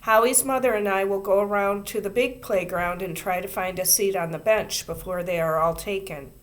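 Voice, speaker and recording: A woman voicing a practical mother who speaks in a brisk, matter-of-fact way in a storybook reading. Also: mid-range voice, natural voice.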